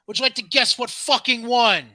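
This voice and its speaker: A man's voice: extremely high pitch, fairly quick, no room sound. A man co-hosting a casual wrestling podcast, profane and teasing as he runs through the news. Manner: profane, teasing, lively storyteller. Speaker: podcast co-host.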